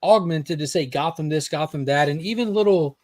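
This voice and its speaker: A laid-back man talking comics with a friend, his voice sitting a little high. The sound is dry and close, with no room around it. He rambles easily and laughs at his own jokes. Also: moderate pace, darkish tone, no echo. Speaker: podcast co-host. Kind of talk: casual comics discussion.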